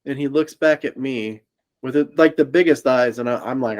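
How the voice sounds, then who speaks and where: A man's voice: mid-range voice, lively intonation, moderate pace, a little mellow. A man from Indiana co-hosting a podcast, telling a story in casual chat. He laughs often as he talks and acts out the people in it. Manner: laughs often through his own story. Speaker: podcast co-host.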